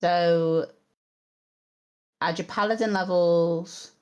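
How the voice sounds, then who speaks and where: A woman's voice: fairly low pitch, fairly even intonation, slow pace, a little mellow. A woman acting as game master of a tabletop game, narrating and thinking aloud through the rules.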